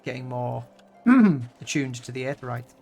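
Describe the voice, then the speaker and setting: A man's voice: medium pitch, expressive, unhurried, creaky, a little mellow, faint music behind. A man giving casual let's play commentary with offhand, mildly sarcastic asides. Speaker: gamer.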